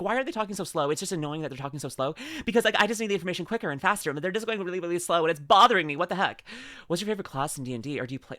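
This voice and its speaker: Woman streamer, casual reaction chat, giggly and rambling, reads chat aloud, very lively pitch, dry close sound. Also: no room sound.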